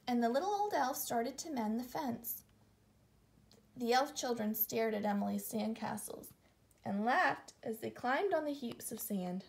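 Woman, children's story reader, calm, slightly high, gravelly. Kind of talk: reading a children's picture book aloud.

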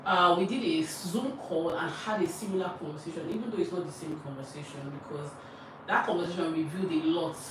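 A young woman with a Nigerian accent cooks for her vlog while chatting, laughing, and telling animated stories. Her voice is lowish and fairly quick, and there's noise in the background.

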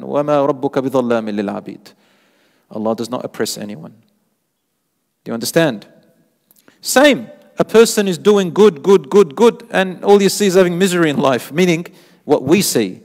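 A man giving a sermon in a mosque, telling stories with lively rising emphasis and quoting Arabic scripture. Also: mid-range voice. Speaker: sheikh giving a mosque lecture. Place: mosque lecture hall. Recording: long hall reverb.

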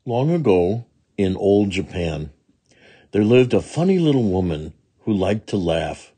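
Husky man reading a children's story slowly. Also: sits low. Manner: slow, expressive and animated. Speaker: storybook reader. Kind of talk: children's picture-book read-aloud.

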